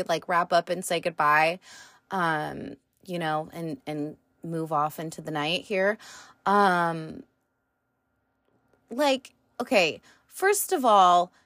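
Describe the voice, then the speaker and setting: Woman, casual show review, rambling, swears now and then, slow unhurried delivery. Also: mid-range voice, a bit bright, no room sound. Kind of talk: casual solo review chat.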